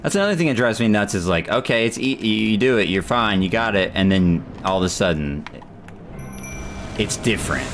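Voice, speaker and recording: A man streaming a hard boss fight, muttering, swearing and venting frustration as he plays. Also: deep voice. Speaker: gaming streamer. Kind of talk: live gameplay commentary.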